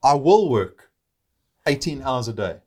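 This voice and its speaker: A man hosting a casual interview. His voice has a middling pitch. He talks in an earnest, motivational way and keeps summing up the lessons for his listeners. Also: very animated, normal speed, warm tone. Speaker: interview host.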